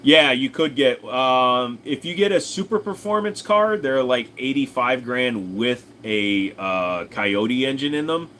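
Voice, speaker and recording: A live streamer answers his chat in a rambling, profane, casual manner. His mid-range voice has lively intonation and a sharp tone, moving a little slowly with few pauses, and a little hiss or hum is audible.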